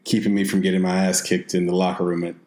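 A man hosting a casual interview, chatty and quick to laugh. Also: sits low, flat delivery, darkish tone. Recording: roomy echo.

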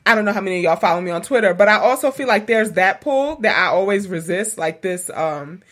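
Woman podcast host, chatty, lots of ums, mid pitch. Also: animated, brisk, fairly bright tone. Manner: chatty, laughs often, lots of fillers. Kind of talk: casual conversational podcast.

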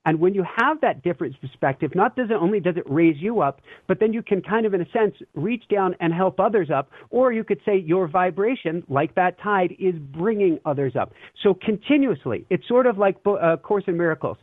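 A man's voice: high-pitched, lively intonation, fairly quick, hardly any pauses, no echo. A man guesting on an interview, telling stories earnestly and with energy, laughing now and then. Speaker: interview guest, spiritual teacher. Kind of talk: animated conversational storytelling. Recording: tinny phone-like line, dry.

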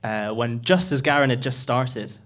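A man's voice: mid-range voice, normal speed, fairly bright tone. A man from Northeast Scotland with a Scottish accent, a guest on stage giving brief, good-humoured answers. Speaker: guest from the audience. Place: theater stage before live audience.

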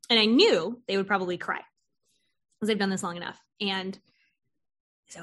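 A woman's voice: medium pitch, normal speed, pauses often. A woman hosting an interview, chatting casually and animatedly telling stories about her therapy clients, acting out their lines and laughing often. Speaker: podcast host and therapist.

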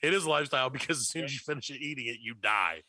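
Brief: male podcast co-host, playful over-the-top riffing, bright tone, dry close sound. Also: mid-range voice, lively intonation, racing, no room sound. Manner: joking, exaggerated ad-read delivery. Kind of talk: comedic casual chat with a mock ad.

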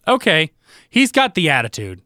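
A man co-hosting a podcast, chatting in a relaxed, casual way and trailing off with fillers. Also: on the high side, normal speed, dry recording, clean studio sound. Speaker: podcast co-host. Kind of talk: casual chat.

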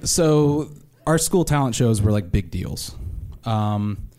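A young man from Arkansas, a stand-up comedian telling wry, self-deprecating stories with animated impressions. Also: on the low side, slow pace, some chatter behind, slight background noise. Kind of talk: stand-up storytelling.

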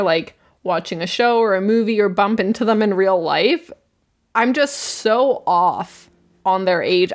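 Chatty woman in her twenties. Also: mid-range voice. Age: 20s. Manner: chatty, wry, quick to laugh. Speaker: podcast co-host. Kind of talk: casual chat recapping a show.

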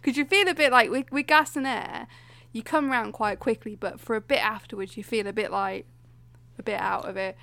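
A young woman with a slightly high voice tells an animated story, acting out other people's lines as she goes. Her voice comes across dry and close, with no room sound. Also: fairly quick, gravelly, dry recording. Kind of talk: casual chat.

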